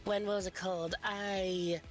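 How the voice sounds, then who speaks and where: A woman guest on a game stream, rambling through goofy stories and quick asides. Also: medium pitch, level tone, soft background music. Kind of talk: casual chat while gaming.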